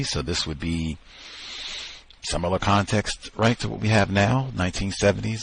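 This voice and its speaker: A man's voice: deep voice, vocal fry, breathy edge. A man hosting a book discussion, talking emphatically and repeating phrases for effect. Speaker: host.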